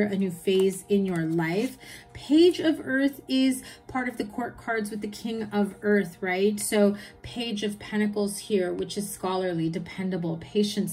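Female tarot reader, conversational and reassuring, mid pitch, faint music bed. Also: darkish tone. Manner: chatty, reassuring, reads card meanings in lists. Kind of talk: tarot reading monologue.

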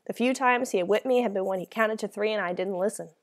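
A woman's voice: mid-range voice, quick pace. A woman narrating a first-person novel as an audiobook, reading in a dramatic, emotional way.

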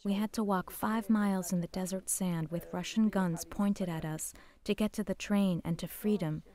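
An older woman whose first language is Polish, giving a halting, emotional personal testimony as a survivor. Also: mid-range voice, steady tone, mellow. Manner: emotional, halting storytelling, repeating words.

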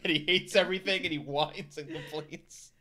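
A man's voice: fairly high pitch, fairly even intonation, a crowd in the background. A man co-hosting a stream, making sarcastic, profane jabs at a book being read. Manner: sarcastic, swears, quick jabs. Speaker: co-host. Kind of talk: casual joking commentary.

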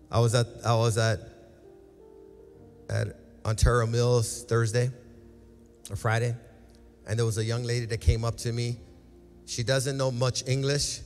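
A male pastor in full flow, preaching an urgent altar call to a large congregation from a stage microphone. His voice rings out in a church hall with a long reverb, and soft music plays underneath. He sits at an ordinary middle pitch. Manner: passionate, repetitive exhortation with acted quotes.

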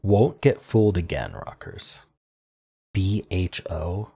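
A man solving a crossword out loud, muttering clues and thinking aloud in an unsure, self-questioning way. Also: deep voice, animated, takes it slowly, gravelly, slightly rough. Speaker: puzzle-solving video creator.

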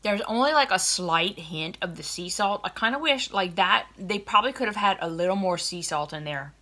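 A young woman chatting in a gushing, excited way while unboxing snacks for her viewers. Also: medium pitch, normal speed. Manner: gushing and chatty, lots of oh my goodness. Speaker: vlogger unboxing a snack box. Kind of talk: casual chat.

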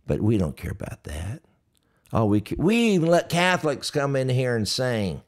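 A middle-aged man with a Texan accent, hoarse, hosting a folksy, joking livestream chat between hymns and reading viewer comments aloud. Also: mid-range voice, very animated, moderate pace. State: hoarse, dry mouth. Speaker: gospel singer and livestream host. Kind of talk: casual livestream chat with hymn singing.

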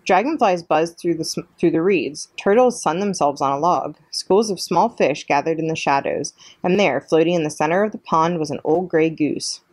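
A woman librarian reading a children's chapter book aloud as a calm bedtime story. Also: sits low, moderate pace, few pauses, dry recording.

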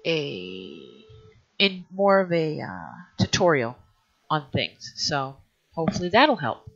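A woman's voice: deep voice, very animated, slow pace, a bit bright. A woman hosting a let's play, thinking aloud in a hesitant way and often trailing off mid-sentence. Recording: dull lo-fi recording.

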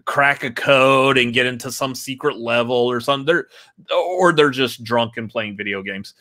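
A man's voice: medium pitch, normal speed, pushed and bright. A man hosting a casual movie podcast, rambling and playful and often laughing. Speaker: podcast host. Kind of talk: casual chat.

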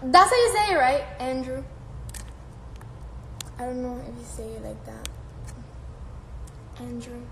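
A woman's voice: sits high, big pitch swings, moderate pace, long pauses, a bit bright. A teenage girl on a live stream, chatting casually, reading and answering fan comments, laughing often and swearing freely. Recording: echoey room with faint background noise.

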